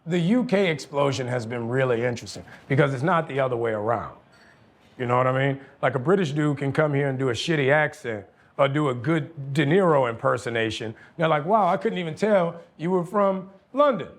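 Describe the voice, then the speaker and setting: A man, telling profane, animated stories as a guest on a casual podcast. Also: mid-range voice, fairly quick. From New Orleans, USA. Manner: animated, profane storytelling with frequent laughter. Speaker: guest actor. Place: podcast studio.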